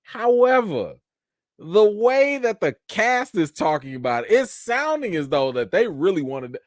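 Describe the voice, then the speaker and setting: A young man hosting a live chat show, animated commentary with mocking asides and rising near-shouts. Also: high-pitched, measured pace, no room sound, studio quality. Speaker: show host.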